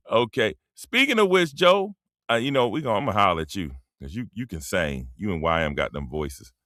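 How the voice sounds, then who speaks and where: A man's voice: fairly low pitch, expressive, moderate pace, fairly bright tone, no room sound, clean studio sound. A middle-aged man, hosting a casual livestream rant, loose and joking, laughing mid-sentence and calling out to his chat. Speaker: livestream host.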